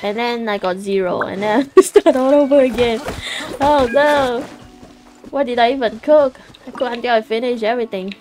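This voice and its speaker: A woman's voice: fairly high pitch, moderate pace, darkish tone, soft background music. A young woman streaming a game, chatting casually in a playful, giggly way with squeals and silly sound effects.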